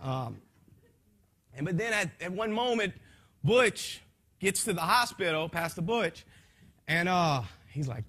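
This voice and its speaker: A man telling his testimony to a church gathering, swinging from hushed lines to shouting, repeating phrases, speaking in a folksy way. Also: high voice, lively intonation, measured pace, long pauses.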